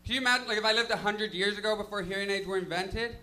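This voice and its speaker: A man's voice: sits high, very fast, bright, forceful tone. A young man doing a stand-up comedy set in a loose, self-deprecating way, full of fillers. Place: comedy lounge stage.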